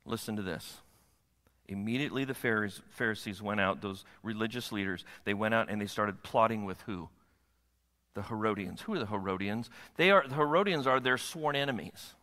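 A man's voice: fairly low pitch, a little fast, sharp tone. A pastor preaching a sermon to his congregation, often asking them rhetorical questions. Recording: long hall reverb.

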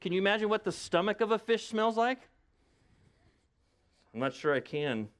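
A man with a fairly high voice preaches a sermon. He talks conversationally and keeps throwing rhetorical questions at his congregation. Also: sing-song, moderate pace. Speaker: pastor.

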